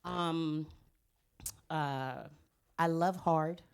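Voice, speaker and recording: A woman's voice: deep voice, fairly even intonation, extremely slow, clean tone. A woman guest in casual podcast chat, laughing often and hesitating with fillers. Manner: laughing, emotional, lots of fillers.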